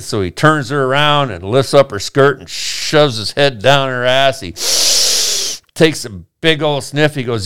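A man's voice: medium pitch, animated, a little slow, a bit bright, clear, resonant tone, no room sound, studio quality. A man telling a long joke in a casual, rambling way, acting out the characters' lines. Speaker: podcast host telling a joke.

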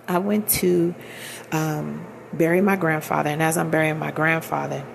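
A woman's voice: lowish voice, fairly even intonation, a little fast, gravelly, background noise. A woman in her thirties telling a personal story in a candid, emphatic, colloquial way. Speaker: vlogger.

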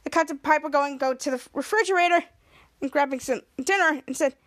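Very high-voiced woman retelling an episode. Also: fairly quick. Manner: rambling, repeats words and restarts. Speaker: podcast episode recapper.

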